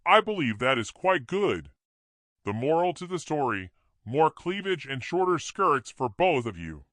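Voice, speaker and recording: A man's voice: on the high side, big pitch swings, a little slow, a bit bright, dry recording, pitched above the performer's own voice. A man voicing a prim, matter-of-fact woman pollster in a storybook reading.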